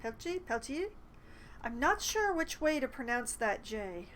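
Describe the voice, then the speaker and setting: A woman's voice: on the high side, sing-song, measured pace, a bit bright, slight background noise, poor audio. A woman streaming a role-playing game, chatting and reading the dialogue choices aloud. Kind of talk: casual gameplay commentary.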